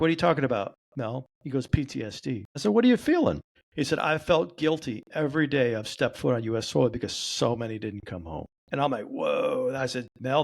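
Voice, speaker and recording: A man sits in as a podcast guest and tells a long story with real animation. He voices the people in it as he goes, shifting his delivery for each quoted line, with a middle-pitched voice. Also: gravelly. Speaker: guest, trauma therapy practitioner.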